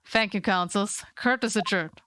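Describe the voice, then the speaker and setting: A woman reading a game aloud, voicing a stern, formal old male judge in slow, lowered pronouncements. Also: a bit bright, no room sound, natural voice.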